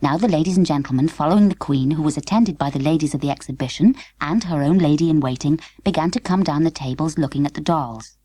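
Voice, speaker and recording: Low-voiced woman reading a children's story. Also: fast, few pauses, husky, no echo. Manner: lively, expressive storytelling. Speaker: audiobook narrator. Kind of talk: scripted storybook narration.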